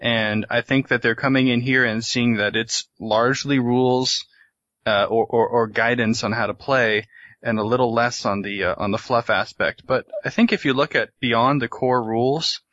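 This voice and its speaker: A man's voice: mid-range voice, fairly even intonation, normal speed, fairly bright tone, dry recording. A man co-hosting a casual panel discussion, opinionated and thinking aloud with restarts. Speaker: podcast co-host. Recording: dull lo-fi dry sound.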